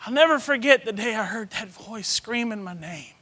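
A middle-aged man, preaching a sermon through a personal story, swinging from hushed to loud. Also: high voice, expressive, normal speed, in a large hall.

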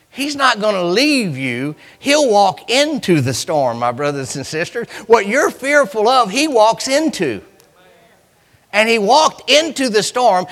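A man preaching a sermon in a church, swinging from loud cries to hushed lines. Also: sits high, long reverb tail.

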